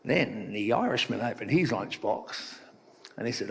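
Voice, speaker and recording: A man preaching a sermon as pastor, talking in a relaxed, conversational way and telling a playful joke. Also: medium pitch, moderate pace, husky. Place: church hall. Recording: long reverb of a church hall.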